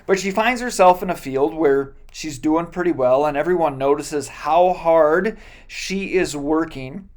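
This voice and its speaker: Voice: mid-range voice, a little slow, darkish tone. A pastor giving a sermon, retelling a Bible story in a casual, joking way with many fillers and self-corrections.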